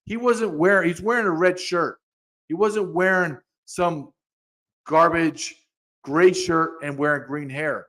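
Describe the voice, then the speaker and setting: This podcast host's voice sits on the high side and sounds a bit bright, yet he speaks unhurriedly. He's ranting angrily in heated commentary, often restarting and repeating words.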